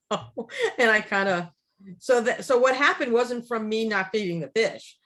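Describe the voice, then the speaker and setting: A woman in her sixties, co-hosting a casual chat and telling a family story in an animated way, laughing often and restarting her sentences. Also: a little high, a little slow. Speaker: co-host.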